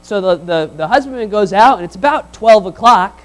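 High-voiced man preaching a lively sermon. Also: moderate pace, soft background music, rough recording. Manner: conversational and animated, acting out quoted people. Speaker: pastor.

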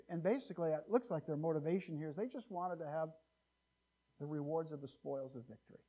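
A male pastor preaching an expository sermon in a church, animated and given to joking asides, his loudness rising and falling widely. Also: on the high side, a little fast.

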